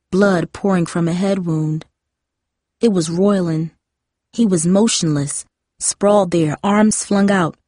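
Audiobook narrator, woman, measured and dramatic, lowish, dry. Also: a little mellow, dry recording.

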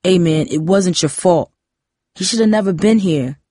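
A woman's voice: on the low side, normal speed, mellow, dry recording, studio quality, close to an everyday voice. A woman voicing a loyal teenage boy who reassures a friend in casual slang. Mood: reassuring.

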